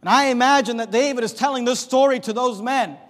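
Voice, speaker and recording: A man preaching a sermon as pastor, emphatic, swinging from quiet to loud. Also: very high voice, fairly quick. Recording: long hall reverb.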